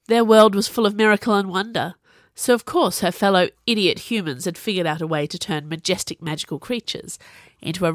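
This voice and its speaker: A woman narrating a novel in a steady storytelling manner. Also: fairly low pitch, no room sound, studio quality. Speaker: audiobook narrator. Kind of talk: scripted narration.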